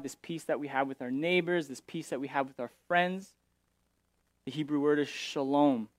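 A man's voice: a little high, no echo. A male pastor explaining scripture in a sermon, paraphrasing verses and often restarting his sentences.

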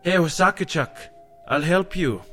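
A man's voice: fairly high pitch, moderate pace, bright, forceful tone, soft background music, voice pushed up. A man voicing a tiny, clever, helpful weasel who talks in a chatty, bargaining way. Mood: friendly.

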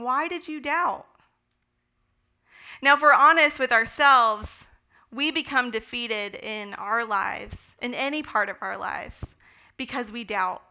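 A woman giving a conversational Bible teaching, enthusiastic and relaxed, with the odd filler. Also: a little high. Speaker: speaker teaching a Bible study. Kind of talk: sermon-style Bible teaching.

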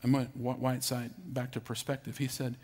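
A middle-aged pastor from the Southern United States preaches emphatically, repeating phrases and calling out to his congregation. His mid-range voice is darkish and monotone, and he speaks a little fast.

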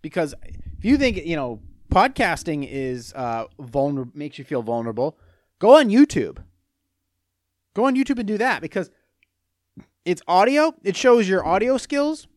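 Animated, high-voiced man ranting on a podcast. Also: dry recording. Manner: animated, profane storytelling with sudden rants. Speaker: podcast host. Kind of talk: casual solo podcast monologue.

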